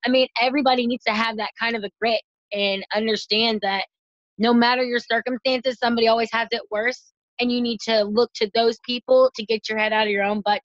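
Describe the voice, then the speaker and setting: A woman's voice: medium pitch, a bit bright, no echo. Effusive woman on dull, dry call audio. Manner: effusive, emotional, folksy. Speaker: team leader. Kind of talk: heartfelt tribute on a video call.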